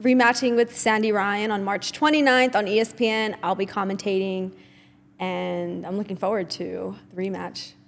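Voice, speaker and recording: A woman's voice: medium pitch, fairly even intonation, moderate pace, vocal fry, big-room sound. A woman hosting a podcast in casual chat, laughing often and telling stories with animation. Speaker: podcast host.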